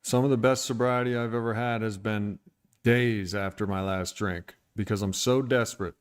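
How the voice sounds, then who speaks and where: Irritated and venting, a recovery streamer talks candidly and bluntly about his recovery on a livestream, using profanity. His lowish voice is smooth and steady, delivered at a normal speed.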